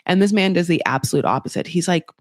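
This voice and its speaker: Brief: chatty woman podcast host, lowish voice, rambling gossip recap, dry close sound. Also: lively intonation, fast talker, dry recording. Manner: rambling, gossipy, heavy on fillers. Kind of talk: casual reality TV recap commentary.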